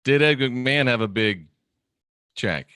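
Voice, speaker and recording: Bright-voiced man hosting a livestream. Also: medium pitch, expressive, a little slow, clean tone, no room sound, clean studio sound. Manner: musing, reads viewer comments aloud. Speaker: livestream host. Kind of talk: casual livestream chat reading comments.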